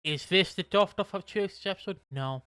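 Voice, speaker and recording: A British man in casual podcast chat, rambling through a soap recap with plenty of swearing. His voice sits a little high and comes across smooth and clear. The sound is dry and close. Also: brisk, pushed and bright, no echo. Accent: British English. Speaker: podcast co-host.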